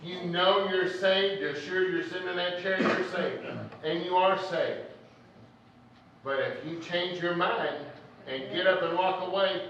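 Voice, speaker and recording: A man's voice: high-pitched, steady tone, unhurried, a bit bright, a little hiss or hum. A man preacher giving a folksy, joking sermon in a conversational storytelling manner. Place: church hall. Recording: echoey, distant, dull church recording.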